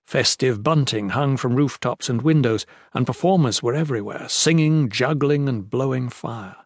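This fantasy audiobook is voiced by a man of medium pitch who narrates in an even, measured way. There's no room sound, and the studio audio is clean.

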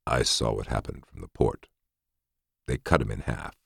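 A quiet, weary man in an armored suit, speaking low and wry in a read-aloud story, as the deep-voiced reader does him. His voice is gravelly and low, recorded dry and close. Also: animated, moderate pace, dry recording, full character voice. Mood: subdued.

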